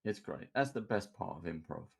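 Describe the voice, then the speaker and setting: Man, low voice, gravelly, casual chat, animated storyteller. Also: a little fast. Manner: animated storyteller, laughs while recounting. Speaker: game master and podcast host.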